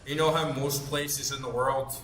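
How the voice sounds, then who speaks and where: A male gaming channel host in his thirties, English his first language, speaks at normal speed in a fairly bright mid-range voice with little pitch movement. Chatting as he plays, he rambles, fills gaps, and swears freely, recorded with roomy echo and faint background noise.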